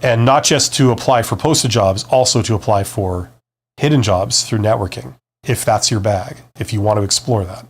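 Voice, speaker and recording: A man's voice: lowish voice, normal speed, breathy edge. A man hosting a live-stream Q&A, giving career advice in a conversational, emphatic way and answering viewer comments. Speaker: career advice host, former CEO.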